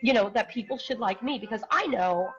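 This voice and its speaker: Interview guest: outspoken woman, a bit high-pitched, blunt and rambling, dull lo-fi audio. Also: expressive, brisk, a bit bright. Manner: outspoken, blunt, repeats herself while searching for words. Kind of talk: casual live-stream interview. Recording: dull lo-fi sound.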